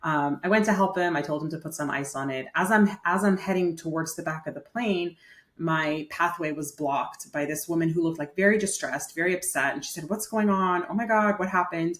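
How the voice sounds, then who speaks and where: A woman's voice: sits low, a little fast. Chatty woman, roomy echo. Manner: chatty, many "like" fillers. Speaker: guest, nurse coach. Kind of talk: casual interview storytelling.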